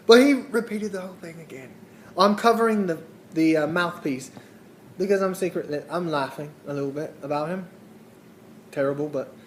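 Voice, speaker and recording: A man telling a humorous monologue in a rambling, halting way, full of fillers and small chuckles. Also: a little high, slight background noise. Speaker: comedian.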